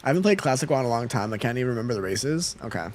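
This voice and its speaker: A man's voice: medium pitch, expressive, very fast, slight background noise. A man live-streaming a game, chatting casually with his viewers and reading out their messages with a laid-back, chuckling manner. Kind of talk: casual live-stream chat while gaming.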